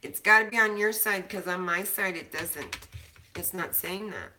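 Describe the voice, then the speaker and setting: A woman's voice: on the low side, moderate pace, bright, forceful tone, a little hiss or hum. A woman chatting casually from her home kitchen, talkative and laughing often, swearing now and then. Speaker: co-host of a cannabis show. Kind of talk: casual chat.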